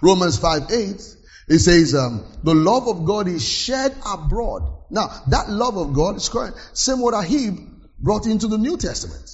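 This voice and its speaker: A man's voice: high voice, sing-song, normal speed, highs cut off. A man preaching a sermon, teaching with emphatic repetitions and sudden rises. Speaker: pastor.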